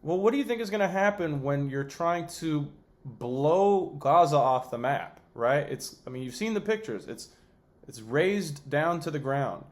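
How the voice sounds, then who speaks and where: A man's voice: on the high side, expressive, unhurried. A man hosting a podcast, ranting about politics in a heated, profane way with sarcastic asides. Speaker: podcast host.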